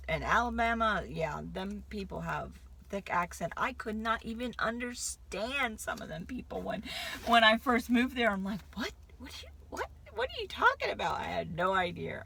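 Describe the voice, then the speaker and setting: A woman's voice: medium pitch, vocal fry, bright, forceful tone. A woman in her fifties from Connecticut with a light Southern drawl, chatting to camera in a rambling, hyper way that jumps from thought to thought. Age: 50s. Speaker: vlogger. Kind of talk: casual chat to camera.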